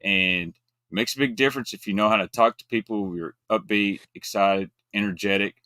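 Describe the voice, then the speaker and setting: A lowish-voiced man talks bluntly in casual, folksy chat. His delivery comes in quick bursts, and the sound is dry and close. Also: bright, forceful tone, no room sound. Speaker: guest co-host.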